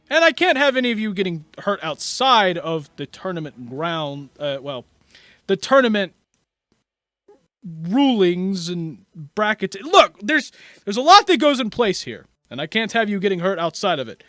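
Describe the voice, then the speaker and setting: A man voicing an excitable male tournament announcer who booms his announcements like a showman. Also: a little slow, no echo, soft background music, exaggerated voice. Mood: showy, commanding.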